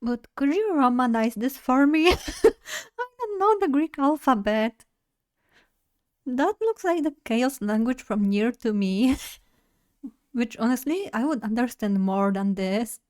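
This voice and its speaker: Speaking at a fairly high pitch with an animated, darkish tone, a young woman whose native language is Polish rambles through casual live-stream chat. She's talkative, self-deprecating, and quick to laugh.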